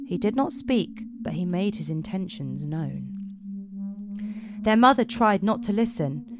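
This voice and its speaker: A woman hosting a podcast, chatting casually and reading folk tales aloud in a relaxed storytelling manner. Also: fairly low pitch, a little slow. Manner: relaxed storyteller, reading with small slips and asides. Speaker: podcast host. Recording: noisy podcast recording.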